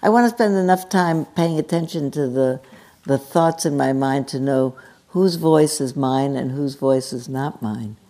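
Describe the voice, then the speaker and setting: Woman meditation teacher, very low gravelly voice, gentle and halting, dharma talk. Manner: gentle, halting, storytelling with many restarts. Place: meditation hall.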